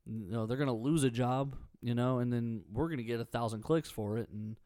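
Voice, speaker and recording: Animated man telling stories, casual chat. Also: medium pitch, a little fast, no room sound, studio quality. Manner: animated storyteller. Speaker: podcast co-host.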